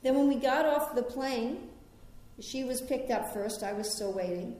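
A middle-aged American woman originally from New York delivers a spiritual talk, weaving personal stories into gently reflective teaching. Her fairly high, mellow, soft-edged voice moves at a measured pace and echoes heavily around the room.

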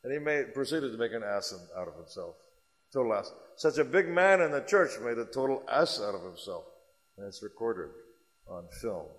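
A man lectures a religious class with animated, rambling storytelling. His voice sits at a mid pitch. A long hall reverb trails after it. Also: moderate pace. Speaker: religious teacher.

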